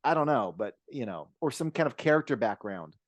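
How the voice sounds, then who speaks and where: This man co-hosts a podcast, rambling casually about a film with frequent restarts and the odd curse word. His voice is mid-range and very animated, fairly quick, with no echo.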